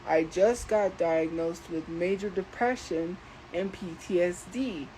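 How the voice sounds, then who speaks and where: A woman's voice: on the low side, a little slow, warm tone, a little hiss or hum, rough recording. A woman hosting a livestream, talking back to her chat in a defensive, exasperated rant. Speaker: livestream host. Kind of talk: casual livestream ranting.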